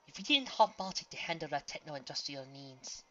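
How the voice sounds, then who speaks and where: A woman voicing a gentle pony princess in disguise who speaks in a formal, old-fashioned way. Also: sits low, sing-song, normal speed, lo-fi sound, full character voice. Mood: earnest.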